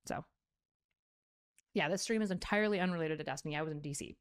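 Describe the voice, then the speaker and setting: A woman's voice: low voice, quick pace. A woman content creator talking bluntly and profanely in a rambling casual stream. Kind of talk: clip of casual stream talk.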